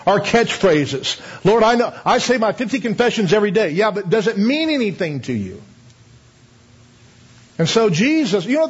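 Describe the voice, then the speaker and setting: A man with a high, slightly husky voice preaches a sermon. He talks to the congregation like a conversation, throws out rhetorical questions and chuckles as he goes. The recording sounds a little dull.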